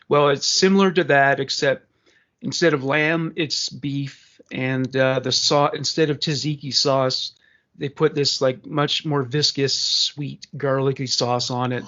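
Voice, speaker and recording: A man's voice: mid-range voice, steady tone, unhurried, bright, forceful tone. A man from Canada co-hosting a casual podcast, sarcastic and crude, reading out news stories. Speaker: podcast co-host. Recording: slightly dull lo-fi sound.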